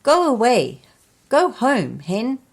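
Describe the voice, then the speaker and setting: A woman performs a whiny little boy in a full character voice, pitched above her own and fairly high overall. Her pitch swoops wildly as she takes it slowly.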